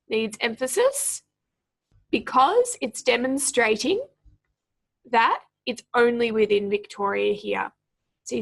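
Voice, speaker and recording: A young woman gives a speaking lesson for exam preparation. Her voice sits a little high, with a gravelly fry running through it. She reads deliberately and marks each pause and stressed word like a patient teacher. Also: fairly bright tone. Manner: clear, deliberate teacher reading aloud. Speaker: speaking tutor.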